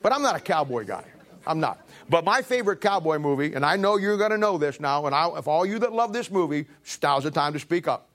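A man's voice: fairly high pitch, expressive, a little fast, a bit bright. A man in his seventies preaching a sermon as pastor, telling folksy stories with emphasis and acting out quoted voices. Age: 70s. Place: church sanctuary.

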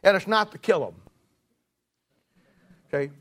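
A man delivering a sermon in a fairly high voice. He hammers his points home by repeating them, then drops to a hushed, drawn-out delivery. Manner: emphatic, repetitive, swings between loud and hushed. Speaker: preacher.

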